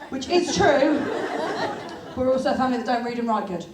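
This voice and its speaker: A woman's voice: high voice, fairly quick, long pauses, echoey room, noisy background. A woman in her thirties from England performing a chatty, self-deprecating stand-up comedy set on a venue stage. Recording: live theatre, far mic, crowd laughter.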